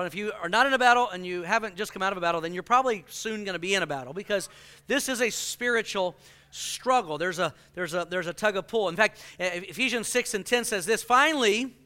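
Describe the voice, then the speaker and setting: A male pastor preaching a sermon, animated and joking, acting out the people he quotes. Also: sits high, clear, resonant tone.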